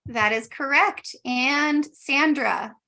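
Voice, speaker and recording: A woman moderating a spelling bee over a video call, giving brisk, matter-of-fact rulings. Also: high-pitched, vocal fry, sharp tone. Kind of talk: running a live online contest.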